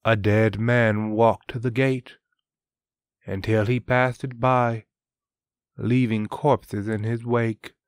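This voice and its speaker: A man reading a fantasy story aloud as narrator, in a measured, even way. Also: medium pitch, smooth. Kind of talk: audiobook narration.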